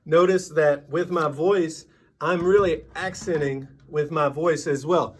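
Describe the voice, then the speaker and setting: A man teaching a drum lesson, patiently explaining and counting sixteenth-note rhythms out loud. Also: a little high, steady tone, measured pace, breathy edge.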